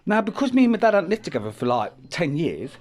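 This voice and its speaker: Children are around as this vlogger, a man, tells a personal story at home: rambling, casual, full of swearing and frequent restarts. His high, slightly mellow voice moves quickly and swings widely in pitch.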